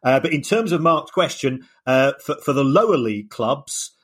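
Male podcast analyst, mid-pitched, hesitant and repetitive delivery, casual explainer. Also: animated, normal speed, a bit bright. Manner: hesitant, repeats words as he explains. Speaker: podcast co-host, finance analyst.

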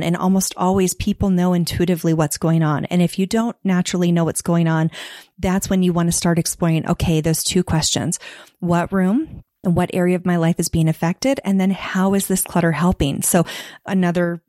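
A woman's voice: on the low side, fairly even intonation, a little fast, warm tone, dry recording, clean studio sound. A woman, a professional organizer, talking earnestly and at length as a podcast guest, now and then acting out the voices she quotes. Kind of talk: podcast interview.

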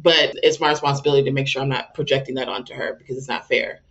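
A woman's voice: extremely low pitch, steady tone, very fast, fairly bright tone, highs cut off. A woman speaking as a guest and parenting coach, candid and emotional, who acts out her own exasperated outbursts. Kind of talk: candid conversational interview.

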